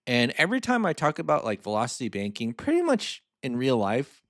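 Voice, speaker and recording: A man's voice: mid-range voice, wildly swooping pitch, brisk, vocal fry, fairly bright tone, dry recording, studio quality. A man hosting a personal finance channel, talking casually with lots of asides while he walks through a spreadsheet. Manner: chatty and informal, lots of fillers and asides. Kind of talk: casual explainer.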